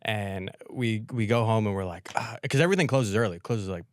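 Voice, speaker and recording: A man's voice: on the low side, a little fast, no echo, studio quality. A man from New York, hosting a podcast, telling a rambling anecdote full of "like" and acting out what other people said. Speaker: podcast host. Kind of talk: casual storytelling chat.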